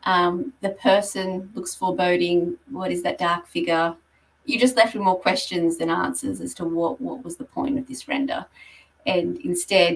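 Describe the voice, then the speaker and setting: A woman's voice: on the low side, far from the mic, low-quality recording. A woman giving a conversational presentation on property marketing, explaining slides with frequent ums. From Australia. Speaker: guest speaker on property marketing.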